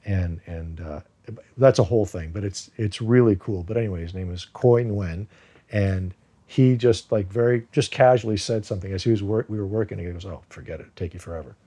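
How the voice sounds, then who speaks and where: A man's voice: fairly low pitch, moderate pace, mellow. A man whose first language was Farsi, talking casually as an actor being interviewed, rambling with many restarts. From United States.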